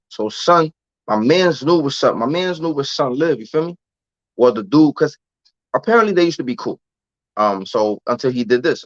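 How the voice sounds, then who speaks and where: Speaking at medium pitch, a podcast guest shares a frank story full of street slang and repeated "you know what I'm saying." The recording is dry, dull and lo-fi, without any room sound.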